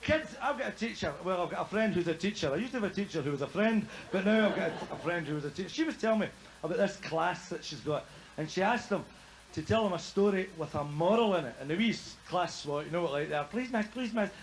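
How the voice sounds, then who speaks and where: A Scottish man tells gags in a bright, high voice, chatty and quick to laugh at his own punchlines. His stand-up routine is delivered on stage. A faint hum of noise sits behind him. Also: expressive, poor audio. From Scotland. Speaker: stand-up comedian.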